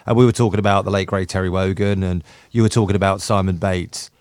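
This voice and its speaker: A man's voice: low voice, steady tone, quick pace, darkish tone, no echo. A man co-hosting a podcast from home, chatting playfully and laughing easily. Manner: playful, laughs easily, tries out comic accents. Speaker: podcast co-host. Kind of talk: casual chat.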